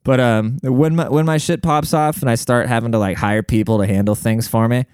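A man hosting a solo podcast in a brash, rambling, profane way, full of fillers, jumping up in pitch when he quotes people. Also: fairly even intonation, fairly quick, a little mellow, clear, resonant tone, dry recording, clean studio sound. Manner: jumps high in pitch when acting out quotes. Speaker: podcast host. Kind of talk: casual solo podcast monologue.

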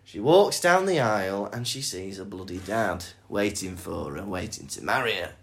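A young man co-hosting a podcast, narrating a fairy tale in a playful, animated way. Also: low-pitched, normal speed, creaky. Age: young adult. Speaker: podcast co-host. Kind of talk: casual storytelling chat.

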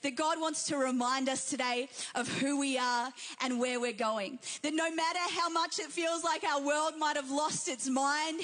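A woman's voice: high voice, fairly bright tone. A young woman with an Australian accent preaching a sermon as pastor, repeating key phrases for emphasis.

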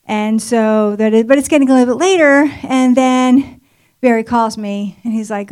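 A woman's voice: fairly high pitch, moderate pace, a little mellow, clear, resonant tone. A middle-aged woman telling a personal story at a church marriage event, chatty and full of fillers. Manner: conversational storytelling with many fillers. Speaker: speaker at marriage ministry event. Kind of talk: personal testimony sermon.

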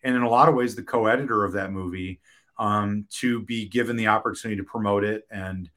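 A man's voice: lowish voice, fairly even intonation, fairly bright tone. A man speaking as an interviewed film director, talking candidly with frequent restarts and the occasional curse. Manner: frank, halting, many restarts and profanity.

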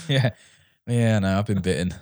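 A man's voice: on the low side, a little slow, a little mellow. Chatty man reviewing a film. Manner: rambling, restarts, acts out quoted dialogue. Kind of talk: casual film review chat.

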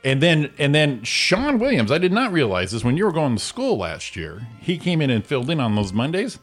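A man's voice: a little high, wildly swooping pitch, fairly quick. A man hosting a radio morning show, chatting casually and teasing his co-host in a rambling way. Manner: rambling, teasing, with many restarts. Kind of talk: casual chat. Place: studio. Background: music.

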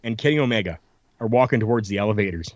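A man's voice: on the low side, very fast, muffled recording. A man telling stories in a casual chat, acting out the lines of people he quotes. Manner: animated storyteller, acts out quotes. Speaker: podcast guest telling stories.

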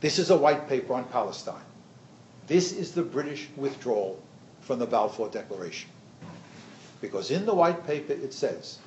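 An older man, a history professor, lecturing teachers in a lively storytelling way and acting out the quoted voices. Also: medium pitch, roomy sound, dull audio, slight background noise.

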